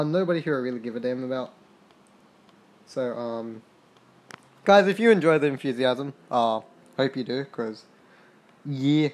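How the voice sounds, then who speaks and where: A young man doing casual commentary on a basketball sim game, reading stats aloud, swearing freely and getting excited. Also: medium pitch. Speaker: gaming podcaster.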